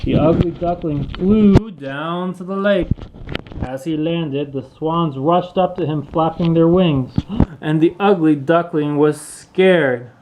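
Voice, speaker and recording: A man reading a children's storybook aloud, clear and expressive. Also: a little high, slow pace, background noise. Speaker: storybook reader.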